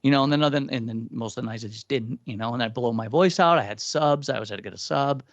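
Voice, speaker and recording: A man, a singing teacher, chatting casually with another vocal coach and telling stories with quick acted-out quotes. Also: medium pitch, no echo, lo-fi sound. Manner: fast, animated storytelling with sung and acted quotes. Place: coaching studio.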